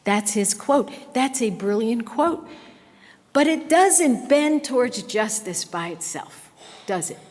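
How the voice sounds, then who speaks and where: A woman's voice: a little high, expressive, slow, a little mellow. An older woman giving an impassioned public lecture, speaking with emphatic conviction. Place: lecture hall. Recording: long hall reverb.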